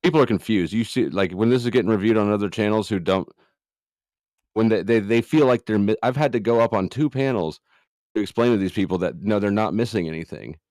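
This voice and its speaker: Opinionated low-voiced middle-aged man. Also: brisk, darkish tone, dry recording, studio quality. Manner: argumentative, opinionated. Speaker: stream guest. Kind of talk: casual debate.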